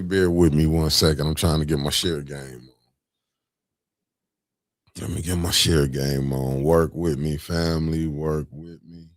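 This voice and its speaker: A man with a very low voice hosts a casual live stream, warmly greeting viewers by name as family and beloved. He keeps chatting while he sorts out sharing the stream. The recording is close and dry. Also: no echo.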